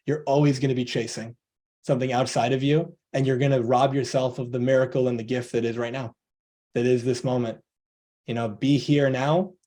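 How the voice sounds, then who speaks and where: A man's voice: medium pitch, dark tone. A man giving a motivational coaching talk on a video call, earnest, acting out both sides of imagined conversations.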